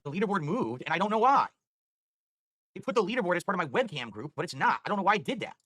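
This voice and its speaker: Fast-talking exasperated male streamer. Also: high-pitched, sing-song, pushed and bright, no echo. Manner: exasperated, swearing, rambling. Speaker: livestreamer. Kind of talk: live stream chatter.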